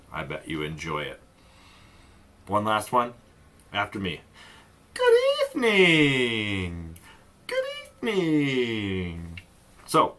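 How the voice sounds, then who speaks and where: A man's voice: deep voice, fairly bright tone. A man teaching an online music lesson for kids, playful and demonstrative, with a lot of singing and voice play. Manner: playful, sings and demonstrates voice sounds.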